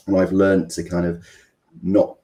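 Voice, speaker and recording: A middle-aged business coach from England with a Mancunian accent appears as a guest in an interview. His low, warm voice is completely flat and a little slow, and he rambles hesitantly with lots of ums and restarts.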